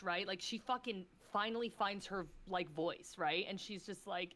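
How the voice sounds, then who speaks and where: A woman's voice: mid-range voice, moderate pace, hardly any pauses, a bit bright. A woman guest on a podcast, talking in an impassioned, emotional way, swearing freely and filling her speech with "like.". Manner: effusive, swears freely, fillers of "like"; emotional, gushing. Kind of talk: impassioned casual chat.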